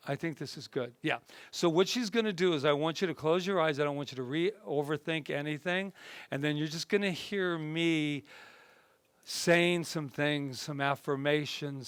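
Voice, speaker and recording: A male minister with a slightly high voice leads a group workshop. He talks in a lively, conversational way, then eases into slow, gentle guidance. The sound is close and dry, with little room echo. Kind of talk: workshop talk and guided meditation. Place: indoor group session room.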